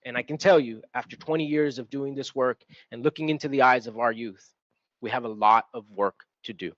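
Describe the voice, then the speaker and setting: A man's voice: medium pitch, brisk, fairly bright tone, dry recording, highs cut off. A middle-aged man from Texas, a school administrator, speaking on a panel in an earnest, reflective way with restarts. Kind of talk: panel talk, personal testimony. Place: event venue.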